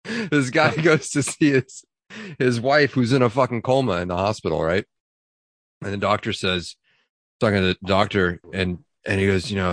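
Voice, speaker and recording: A man's voice: lowish voice, moderate pace, no room sound, clean studio sound. A man co-hosting a podcast, telling crude jokes with swearing and frequent laughter. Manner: swearing, laughing, animated joke delivery. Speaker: podcast co-host. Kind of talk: casual joke-telling chat.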